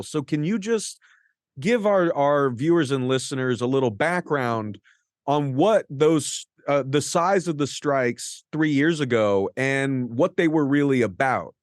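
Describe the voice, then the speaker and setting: A man hosting an interview from a studio, reading an earnest introduction and then asking measured questions. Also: a little high, dry recording. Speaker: interview host. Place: radio studio.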